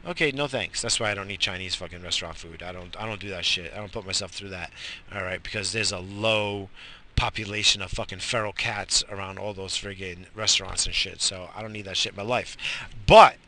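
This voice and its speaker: A man's voice: sits low, fairly even intonation, fairly quick, pushed and bright, slight background noise. A man delivering a profane, mock-outraged comedic rant, angry and repetitive. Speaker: comic ranter.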